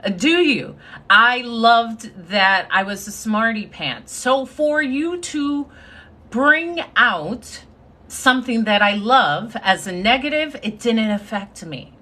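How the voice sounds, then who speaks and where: A woman's voice: on the high side, animated, slow pace, pushed and bright. A woman giving a confident, sassy motivational talk on a live stream, thanking her viewers as she speaks. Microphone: phone.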